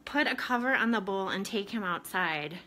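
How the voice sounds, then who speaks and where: A woman's voice: medium pitch, expressive, moderate pace, pushed and bright. A frightened woman in her home kitchen, talking to viewers in a panicky, exclaiming way. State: frightened, shaky. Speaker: vlogger. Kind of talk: casual live video.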